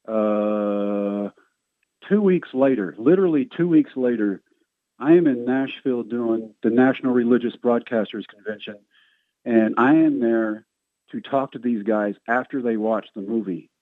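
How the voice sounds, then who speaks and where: A middle-aged man, a guest on a radio show, telling stories in a lively, self-mocking way and acting out the voices of the people in them. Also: mid-range voice, normal speed, no echo. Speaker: guest, former baseball player. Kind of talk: storytelling interview. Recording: tinny phone line, dry.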